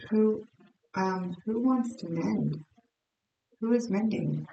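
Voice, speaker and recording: A woman's voice: medium pitch, slow pace, gravelly, mellow, recorded from a distance, highs cut off. A young woman giving a casual tarot reading, thinking aloud in a rambling, self-interrupting way. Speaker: tarot reader. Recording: roomy, off-mic with faint noise.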